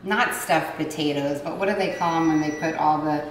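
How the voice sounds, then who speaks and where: A woman hosting a casual cooking vlog in a home kitchen, bubbly and excitable as she talks to her viewers. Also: deep voice, moderate pace. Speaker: cooking show host. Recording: echoey kitchen from far off, noisy.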